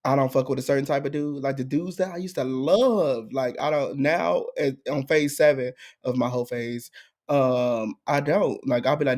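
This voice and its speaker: A young man co-hosting a podcast, telling a story in casual chat and jumping into high, excited voices. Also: moderate pace. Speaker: podcast co-host.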